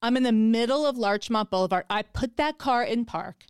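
A woman's voice: fairly high pitch, moderate pace, smooth, no room sound, studio quality. A woman hosting a podcast in casual chat, telling stories with animation and acting out her own quotes. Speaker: podcast host.

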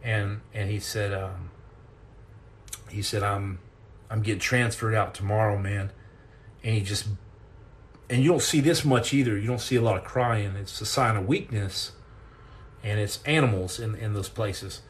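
A middle-aged man hosting a podcast, telling a personal story in an earnest, intense way, halting and repeating words as he goes. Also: fairly low pitch, slight background noise. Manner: earnest and intense, acts out quoted lines.

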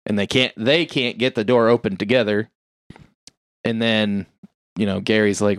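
A man casually recapping a movie plot on a podcast, acting out the characters' lines in quick bursts. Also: lowish voice, steady tone, clean tone, no room sound, clean studio sound. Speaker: podcast co-host.

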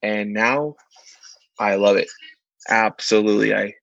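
A man co-hosting a casual chat, telling stories with lively, much higher put-on voices for the people he quotes. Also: measured pace, creaky, dry recording, muffled recording. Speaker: podcast co-host, church ministry worker.

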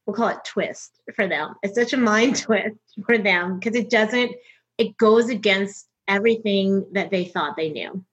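A middle-aged woman from North Texas, known as a comedian and voice actor, speaks frankly in an interview with a husky, medium-pitched voice. She animatedly plays out other people's lines in her stories. The sound is lo-fi.

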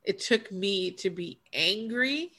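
A woman's voice: medium pitch, animated, slow pace, bright, forceful tone. A woman podcast co-host and coach in casual spiritual chat, earnest and reflective, speaking emphatically and often restarting her sentences.

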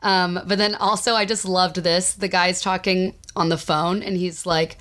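A woman co-hosting a podcast, recapping a film in casual chat, animated and laughing often, slipping into quoted voices. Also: lowish voice, measured pace. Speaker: podcast co-host.

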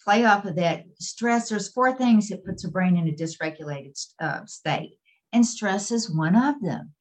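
A woman's voice: medium pitch, animated, unhurried, soft background music, poor audio. A woman guest expert explaining in an interview, repeating her key points for emphasis.

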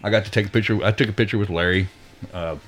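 A man's voice: lowish voice, fairly even intonation. Rambling man telling a story. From Texas. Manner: rambling, halting storyteller with many restarts. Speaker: podcast co-host. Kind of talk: casual chat.

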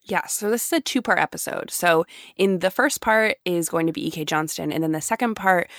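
A woman's voice: fairly low pitch, a little fast, a bit bright, no echo, clean studio sound. A young woman co-hosting a podcast, chatting in an upbeat, enthusiastic way. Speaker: podcast co-host. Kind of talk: casual podcast chat.

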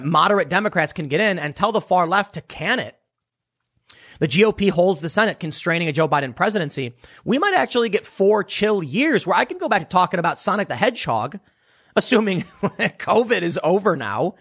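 A man's voice: high-pitched, very animated, fairly quick, a bit bright, slightly rough. A man giving opinionated political commentary, emphatic and sarcastic, often restarting his words.

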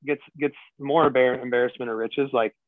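A man's voice: mid-range voice, steady tone, fairly quick, no echo. A man in casual sports chat who grumbles, swears and keeps restarting his thoughts. His mid-range voice comes through a tinny, phone-like line. The sound is dry, with no room around it. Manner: grumbling, profane, restarts often. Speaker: podcast co-host.

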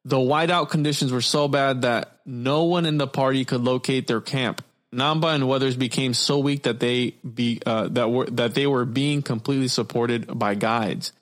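A man's voice: medium pitch, fairly even intonation, normal speed, hardly any pauses. A young man hosting a casual podcast, reading stories aloud, swearing freely and stumbling over words. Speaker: podcast host.

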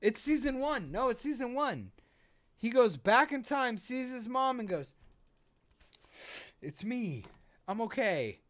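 A man co-hosting a casual podcast chat, emphatic and excitable, swearing freely and bumping the desk mic. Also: extremely high pitch, moderate pace. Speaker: podcast co-host. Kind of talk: casual pop-culture chat. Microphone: desk mic, bumped while he hits the desk.

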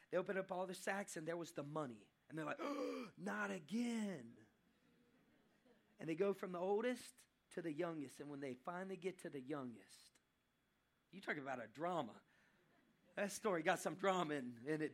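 A man preaching a sermon, telling a story dramatically and swinging between loud and hushed passages. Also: fairly high pitch, a little fast.

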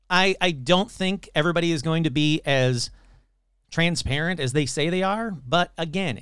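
Male podcast host, sarcastic, swears, very lively pitch, dry close sound. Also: no room sound. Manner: sarcastic, puts on mocking voices; swears casually. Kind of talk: casual chat.

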